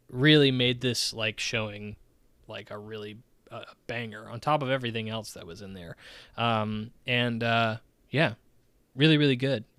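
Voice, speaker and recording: A man hosts a casual gaming podcast, talking in loose, rambling runs full of "um" and "like". His voice is smooth and clear at a middle pitch. The recording is close-miked and dry. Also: a bit bright, no room sound. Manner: rambling, filler-heavy, many "um" and "like". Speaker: podcast host. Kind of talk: casual gaming-news commentary.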